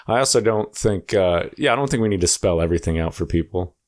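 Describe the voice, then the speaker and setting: A young man co-hosting a comedy podcast, deadpan and crude, often halting mid-sentence. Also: deep voice. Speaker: podcast co-host. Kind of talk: casual comedy chat.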